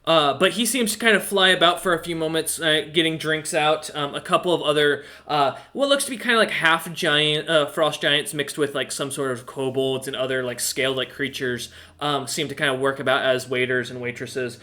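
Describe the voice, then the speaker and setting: A man's voice: on the high side, normal speed, few pauses, pushed and bright. A man narrating as game master in a tabletop game, hesitant with many fillers. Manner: hesitant, lots of ums and uhs.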